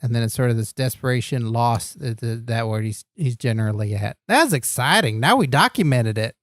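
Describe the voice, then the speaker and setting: A man's voice: medium pitch, expressive, brisk, dry recording, clean studio sound. A man co-hosting a comedy wrestling podcast, joking and rambling through his lines. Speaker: podcast co-host.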